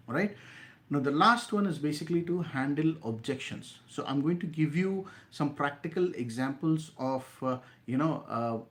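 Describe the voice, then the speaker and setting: A man's voice: a little high, lively intonation, normal speed, a bit bright. Man coaching sales, asking "right?". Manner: instructive, repeats points with frequent "right?". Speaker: sales trainer. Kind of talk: class-style sales lesson.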